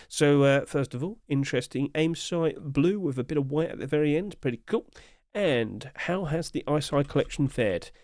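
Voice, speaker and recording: A man's voice: fairly high pitch, expressive, moderate pace, darkish tone, dry recording, clean studio sound. A man giving casual, upbeat commentary as he reviews game skins, chatting along with light chuckles.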